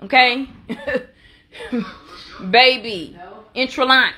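A woman's voice: high-pitched, drawn-out words, pushed and bright, a little hiss or hum. A middle-aged woman and mother, chatting in a sassy, talkative way for a casual family vlog. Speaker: mother and vlogger.

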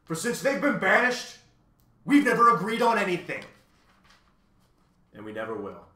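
A man voicing a pompous male math wizard who thunders loudly and turns to ominous hushes, in an echoey room. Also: a little high, lively intonation, a little slow, pitched above the performer's own voice. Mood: booming. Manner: thunders loudly, then drops to ominous hush.

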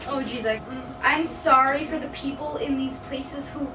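A young woman in a casual quiz with her friend, playful, with quick joking asides. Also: high-pitched. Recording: echoey room, mic at a distance, noisy.

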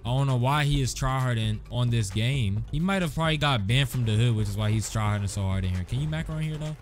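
A man's voice: medium pitch, fast talker. Slangy young man trash-talking over gunfire. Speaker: gaming video creator. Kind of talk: casual gameplay commentary. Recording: game gunfire noise behind voice. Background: game gunshots and clicks.

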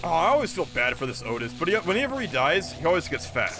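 A man streaming a video game live, chatting casually, excitable and quick to laugh and break into goofy voice impressions. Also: a little high, noisy background.

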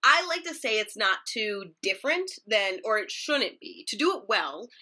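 Bright-voiced young woman news reporter. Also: mid-range voice, sing-song, moderate pace. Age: young adult. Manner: laughs often, demonstrates anchor delivery. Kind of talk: casual interview chat.

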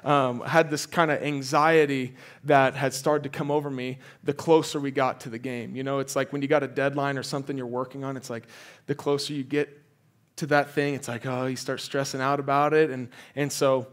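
A young man preaching as a guest speaker, telling a personal story in a loose, animated way with lots of fillers and restarts. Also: medium pitch, brisk.

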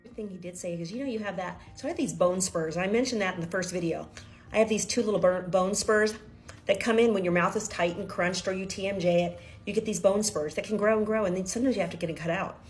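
Emotional, confiding woman vlogger from Kentucky, middle-aged, mid-pitched, faint music bed. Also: quick pace. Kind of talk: personal video diary.

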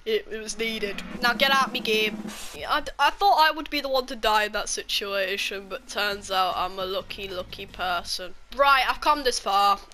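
A woman with a British accent that slips Scottish, giving excitable, foul-mouthed commentary on her own gameplay. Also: mid-range voice, normal speed, slight background noise. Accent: British, slipping Scottish. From Britain. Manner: excitable, swearing, jokey trash talk. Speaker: gaming YouTuber.

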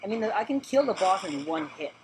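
A woman's voice: medium pitch, animated, brisk. Chatty woman doing game commentary, noisy. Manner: chatty, repeats words, talks to the game characters. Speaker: gaming channel host. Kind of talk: let's play commentary.

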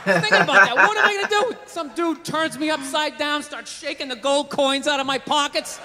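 A stand-up comedian telling a profane, ranting story. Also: male voice, very high voice, animated, normal speed. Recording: live hall reverb, faint noise.

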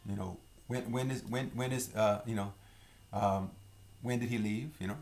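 A middle-aged man teaches a casual spoken lesson, saying each example phrase slowly and twice before translating it. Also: on the low side, steady tone, creaky, a little mellow. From Louisiana. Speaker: language teacher.

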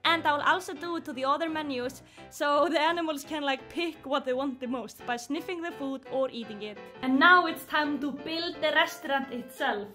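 A young woman with an Icelandic accent, vlogging indoors and chatting excitedly, giggling and baby-talking to her pets. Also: high voice, moderate pace, few pauses, faint music behind. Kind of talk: casual vlog narration. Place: indoors at her mother's house.

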